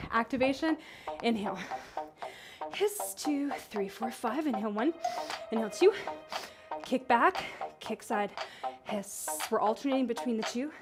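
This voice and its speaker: A woman fitness instructor guiding a workout, counting reps and calling breath cues in a steady rhythm. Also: fairly high pitch. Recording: music playing behind the voice. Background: workout music.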